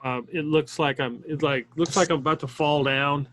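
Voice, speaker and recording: A man's voice: a little high, steady tone, moderate pace, a bit bright. Male player, easygoing chat, stop-start describing of his moves. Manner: laid-back, hesitant describing of moves. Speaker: tabletop game player. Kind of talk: casual chat.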